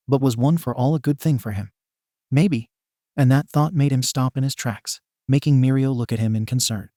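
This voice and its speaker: A man narrating a fan fiction story aloud, steady and plain, with a dark, mellow voice. The recording is dry and close, with no room sound. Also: medium pitch, no echo.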